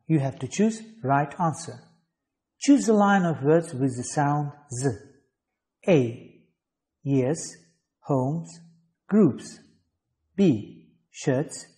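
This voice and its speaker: A man teaching English phonetics, reading out sounds and example words slowly, one word at a time. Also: fairly high pitch, expressive, a little mellow. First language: Azerbaijani. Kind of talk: slow phonetics drill, reading word lists.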